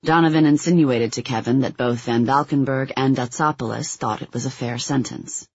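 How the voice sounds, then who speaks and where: A man narrating a nonfiction book in an even, measured scripted reading. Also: mid-range voice, husky, dry recording, highs cut off. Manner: even, measured reading; quotes read with little acting. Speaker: audiobook narrator.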